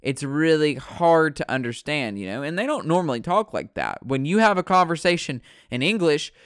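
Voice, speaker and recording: Man, fairly high voice, smooth and clear, rambling casual chat, swears a lot, dry close sound. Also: very animated, normal speed, fairly bright tone, no room sound. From United States. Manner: rambling, profane, self-correcting.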